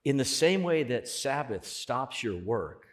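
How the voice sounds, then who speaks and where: A man preaching a sermon as pastor, conversational, swelling loud on key points. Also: mid-range voice, big pitch swings, a little slow.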